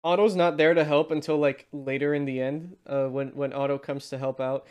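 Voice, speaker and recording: A man chatting casually about a film, halting and repeating words as he restarts his sentences. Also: on the high side, flat delivery, darkish tone, clear, resonant tone. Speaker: film discussion co-host. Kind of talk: casual chat.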